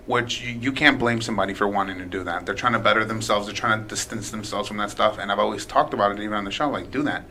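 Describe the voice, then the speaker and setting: A man's voice: lowish voice, fast talker, bright, forceful tone, slight background noise. A young man hosting a podcast, talking in an earnest, casual way and calling people "man" and "dude". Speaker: podcast host. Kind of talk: casual chat.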